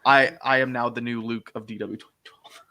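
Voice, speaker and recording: A young man, chatting casually about fan films, laughing often and slipping into quick impressions. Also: medium pitch, fairly even intonation, pushed and bright. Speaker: fan-film actor and co-host. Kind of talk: casual chat.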